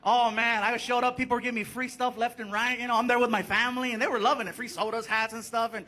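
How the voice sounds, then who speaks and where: High-voiced man doing stand-up in a hall. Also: quick pace. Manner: animated storytelling with acted-out quotes. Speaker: stand-up comedian. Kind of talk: stand-up comedy routine. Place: large hall on stage. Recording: live venue with long reverb and noise.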